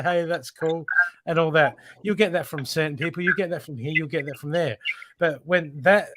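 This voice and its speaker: A man giving a live spiritual card reading as host, emphatic and repetitive, swearing casually. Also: fairly high pitch. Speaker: intuitive card reader and show host. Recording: steady background noise.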